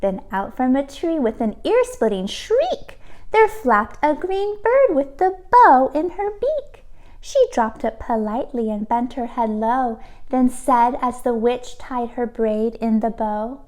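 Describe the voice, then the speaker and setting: A woman teacher reading a storybook aloud to children, expressive and pausing to ask the listeners questions. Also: on the high side.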